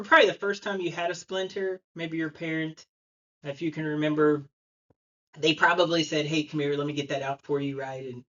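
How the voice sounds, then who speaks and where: In a church sanctuary, a man in his thirties preaches a sermon, his slightly high voice recorded with the upper frequencies cut off. He tells stories conversationally and acts out the quotes he relays.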